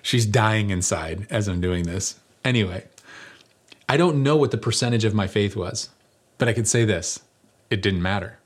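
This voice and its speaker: A man's voice: fairly low pitch, moderate pace. A man preaching a conversational sermon as pastor, earnest and building to emphatic peaks, with touches of light humor.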